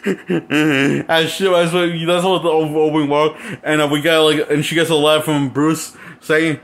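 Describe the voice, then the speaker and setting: A man's voice: on the high side, little pitch movement, measured pace, a bit bright. A man in a crude, mocking, casual ranting review of a film, laughing at his own jokes. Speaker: movie reviewer.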